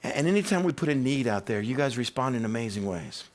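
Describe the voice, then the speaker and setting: A male teaching pastor delivering a sermon, telling stories in an animated way. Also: mid-range voice, quick pace. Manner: animated, storytelling.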